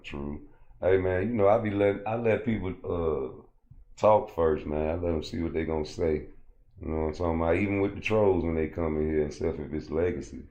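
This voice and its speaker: A man's voice: rumbling low, mellow, highs cut off. A man hosting a casual livestream, rambling and cursing as he answers chat comments. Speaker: livestream host.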